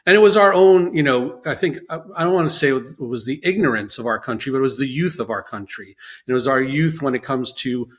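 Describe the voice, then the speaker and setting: A man's voice: medium pitch, fast. A man from the New York area, a chef guest telling stories in a casual chat and acting out quotes. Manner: storytelling, animated, acts out quotes.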